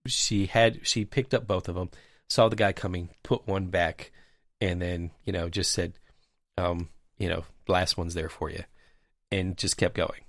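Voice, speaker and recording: A man with a very low voice tells a casual, wandering anecdote, full of "you know" and "um." The sound is dry with no room echo. It sounds like relaxed podcast chatter between colleagues. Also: a little slow. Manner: rambling anecdotal storyteller, many fillers. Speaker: podcast host. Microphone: remote call mic.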